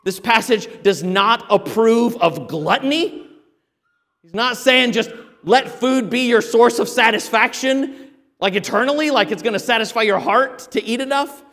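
A man preaching a sermon as pastor, emphatic, with sudden loud exhortations. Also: extremely high pitch, a little slow, long reverb tail.

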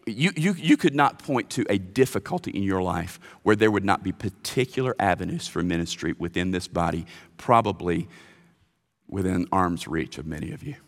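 A man preaching a sermon as pastor, animated and often stammering through restarts. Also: sits low, normal speed. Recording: long reverb of a large hall.

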